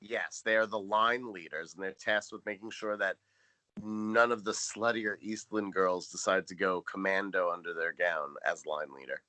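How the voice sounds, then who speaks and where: A man co-hosting a casual podcast, recapping episodes with wry, deadpan humor. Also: low-pitched, normal speed, dry recording. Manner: dry, wry storytelling, deadpan jokes. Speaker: podcast co-host.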